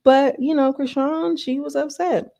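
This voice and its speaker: A woman chattily recapping a reality TV episode, full of fillers and quick asides. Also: sits high, steady tone, gravelly, mellow, dry recording. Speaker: YouTube reality-show reviewer.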